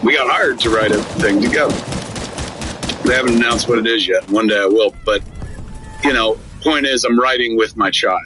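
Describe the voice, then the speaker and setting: A man's voice: mid-range voice, faint music behind. A man in his fifties chatting on a podcast, telling stories and acting out quoted dialogue. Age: 50s. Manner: animated storyteller, acts out dialogue with quick voice shifts. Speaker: podcast co-host. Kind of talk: casual chat.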